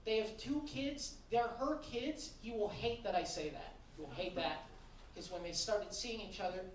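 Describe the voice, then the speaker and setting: A woman's voice: on the high side, fairly bright tone. A woman doing a stand-up set on a club stage, blunt and profane. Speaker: stand-up comedian. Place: comedy club stage with live audience. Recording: echoey live room, distant mic, noisy.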